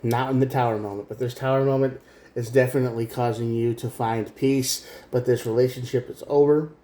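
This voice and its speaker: Mellow-voiced male tarot reader, earnest, talks straight to the viewer. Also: mid-range voice, fairly even intonation, a little fast, reverberant. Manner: earnest, direct, repeats himself, mimics quoted voices. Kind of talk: casual spoken tarot reading.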